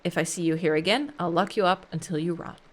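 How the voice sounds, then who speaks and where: A woman's voice: lowish voice, fast, natural voice. A woman voicing a stern male Scottish police inspector who talks down to a suspect, reading game dialogue aloud. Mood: scornful. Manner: scornful, dismissive, threatening.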